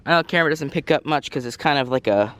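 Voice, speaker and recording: Gardening vlogger, man, slightly high voice, breathless, rambling outdoor camera talk. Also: rapid-fire, a bit bright. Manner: rambling, self-correcting, apologetic asides. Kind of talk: casual garden tour. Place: outdoors in a garden, cars passing.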